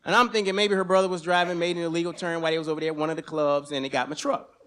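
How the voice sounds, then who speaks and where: A man telling a personal story on stage at a live storytelling event, animated and profane, at times breaking into shouts. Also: fairly high pitch, rapid-fire, clear, resonant tone.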